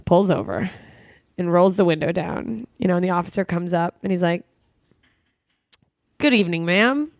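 A young woman in casual chat, telling an animated story and acting out the quotes, swearing freely. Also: on the low side, fairly quick, gravelly, no echo.

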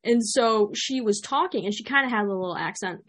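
A woman's voice: medium pitch, a little fast, a bit bright. A woman with a Chicago accent hosting a podcast in a casual, upbeat interview chat. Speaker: podcast host.

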